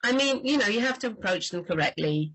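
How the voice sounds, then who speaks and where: A woman book doctor talking in a lively, chatty way on a livestream about writing crime fiction. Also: medium pitch, brisk, slightly rough, low-quality recording.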